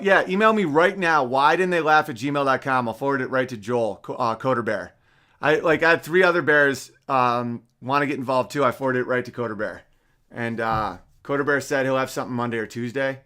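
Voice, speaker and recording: A man hosting a casual livestream, reading listener messages aloud with rambling, profane asides that swing from mumbles to loud bursts. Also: mid-range voice, fairly quick.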